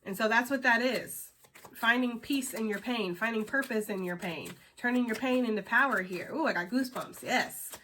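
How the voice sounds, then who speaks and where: Bright, chatty woman reading tarot. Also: on the high side, normal speed, a little hiss or hum. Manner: chatty, rambling, full of fillers and casual swearing. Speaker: tarot reader. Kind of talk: casual tarot reading to viewers.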